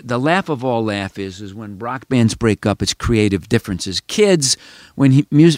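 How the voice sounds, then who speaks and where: A man's voice: mid-range voice, darkish tone, no echo. A man in his seventies from Chicago, hosting a podcast and talking in a rambling, emphatic way straight to the listeners. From Chicago, United States. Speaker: podcast host. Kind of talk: casual reflective monologue.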